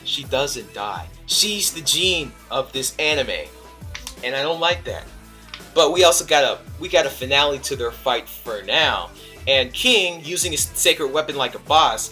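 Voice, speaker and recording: A young man giving a casual, rambling anime episode review, excitable and full of fillers and restarts. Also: medium pitch, unhurried, soft background music.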